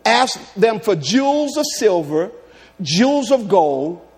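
High-voiced preacher man. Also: slow. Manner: animated preaching with humorous stories and call-outs. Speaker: pastor. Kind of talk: sermon.

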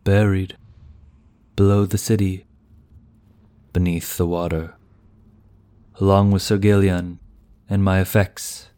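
A man's voice: low-pitched, little pitch movement, slow, pauses often, mellow, clear, resonant tone, no room sound. A man voicing a weary, grieving knight in a fantasy audiobook, speaking with earnest emphasis.

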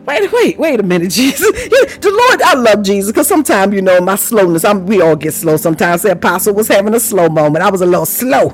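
A woman's voice: mid-range voice, big pitch swings, fast talker, hardly any pauses, soft background music. A woman preaching a charismatic sermon, exclaiming, laughing often and breaking into tongues.

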